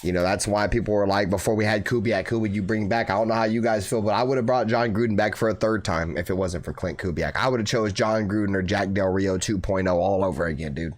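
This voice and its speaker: A man's voice: lowish voice, steady tone, quick pace, hardly any pauses. A young man hosting a fan channel livestream who reads viewer comments, swears freely and keeps calling listeners bro. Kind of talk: casual livestream chat reading viewer comments.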